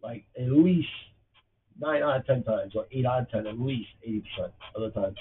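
A man's voice: mid-range voice, normal speed, distant mic. A man in his fifties with a Boston accent, hosting his podcast in a blunt, profane, rambling way. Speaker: podcast host. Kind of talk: casual livestream chat. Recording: tinny phone-like audio with faint noise.

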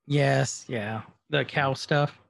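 A man's voice: medium pitch, steady tone, slow, gravelly. A man casually recapping a TV episode on a podcast, retelling scenes and quoting the characters as he goes. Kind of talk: casual chat.

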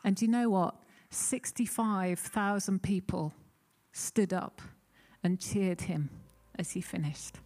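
A woman's voice: mid-range voice, slow pace, a little mellow. A woman preaching a sermon in an earnest, conversational way, acting out the pleas she quotes.

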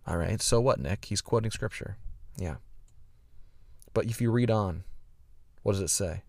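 A man's voice: on the low side, a little slow, vocal fry, no echo, clean studio sound. A man preaching a sermon, explaining scripture earnestly, with frequent fillers and restarts. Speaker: pastor.

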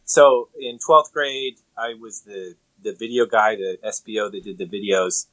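A man's voice: on the low side, measured pace, low-quality recording. A man in his thirties, a guest on a video call, telling stories and teasing the hosts. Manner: teasing, animated storyteller. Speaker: podcast guest. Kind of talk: casual chat.

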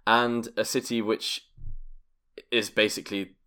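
A man's voice: fairly low pitch, level tone, unhurried, pushed and bright, clear, resonant tone. A man from London, co-hosting a casual chat in a playful, wordy and slightly formal way. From London, England. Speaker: podcast co-host.

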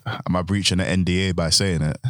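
A man's voice: low-pitched, steady tone, brisk, dry recording, studio quality. A man from Nigeria raised in the UK, talking animatedly and swearing in casual chat. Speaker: podcast guest, wrestler.

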